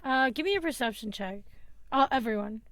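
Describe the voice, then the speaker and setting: A woman narrating as game master of a tabletop game, halting and full of fillers as she describes the scene. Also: on the high side, lively intonation, fairly bright tone.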